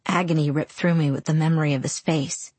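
A woman narrating a first-person novel as an audiobook, in a quiet, measured, somber manner. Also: low voice, steady tone, slightly rough, no room sound.

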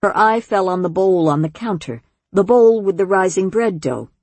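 Woman audiobook narrator, low breathy voice, calm measured storytelling, dry studio sound. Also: no echo. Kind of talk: scripted narration.

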